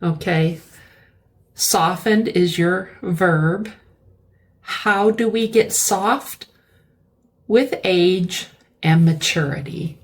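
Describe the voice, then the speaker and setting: A woman teaching English vocabulary, explaining words slowly and repeating key terms. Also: on the low side. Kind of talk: slow classroom-style vocabulary lesson.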